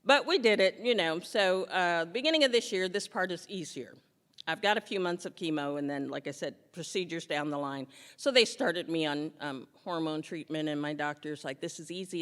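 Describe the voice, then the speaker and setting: Animated woman telling a funny story. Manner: animated, jumps into high squeals for quoted lines. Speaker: storyteller on stage. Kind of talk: humorous personal storytelling. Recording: long hall reverb.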